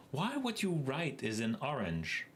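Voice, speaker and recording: A man with a Québécois accent hosts a casual livestream and speaks at an unhurried pace, laughing often as he answers chat. His first language is French, and a faint hiss of noise sits behind his voice. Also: medium pitch, wildly swooping pitch, fairly bright tone. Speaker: livestream host.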